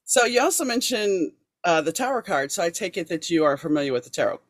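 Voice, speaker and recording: A woman's voice: on the low side, big pitch swings, fast talker, no echo. Dry-sounding woman host from New Orleans. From New Orleans, USA. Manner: conversational, asks long rambling questions. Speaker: podcast host. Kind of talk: casual interview chat.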